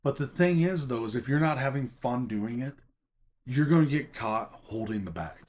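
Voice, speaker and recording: A man who collects and sells Pokémon cards talks casually to camera about the trading card business in an expressive, medium-pitched, slightly mellow voice at a moderate pace. He is an adult teaching a college class, and he speaks emphatically and chattily, often checking in with "okay?".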